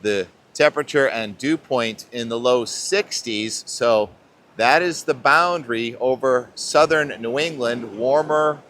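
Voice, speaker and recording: A man's voice: medium pitch, unhurried, fairly bright tone. A middle-aged man hosting a weather vlog outdoors on a beach, talking casually and thinking aloud about the forecast into a clip-on mic. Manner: chatty, rambling, thinking aloud.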